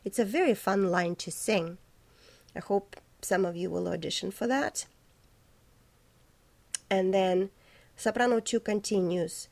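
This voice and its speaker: A woman leads a choral diction lesson in a slow, measured way. Her voice is warm and mellow, and she spells out each vocal part carefully. Between explanations she sings short syllables high and light. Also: vocal fry. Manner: demonstrates parts by singing syllables high and light. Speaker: choir director.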